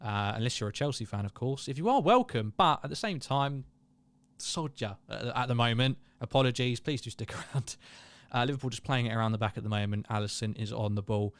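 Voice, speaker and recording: This young watchalong host speaks at a medium pitch, fairly quickly, with no echo on the audio. He chats casually through the live match, calls the play, pokes fun at himself, and reads out what viewers write.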